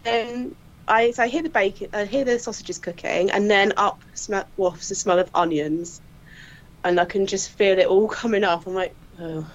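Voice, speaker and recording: A woman, a crime scene investigator, telling funny work stories in a casual, animated way and often laughing. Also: mid-range voice, moderate pace. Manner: animated, laughing storyteller who acts out quotes. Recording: slightly dull lo-fi audio.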